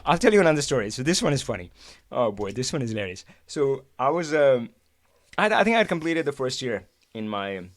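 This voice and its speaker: A man hosting a casual live stream, talking in a loose, chatty way full of restarts and asides. His voice sits at a mid pitch, and the close, dry mic gives almost no room sound. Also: dry recording. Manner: chatty, animated, frequent restarts and laughs.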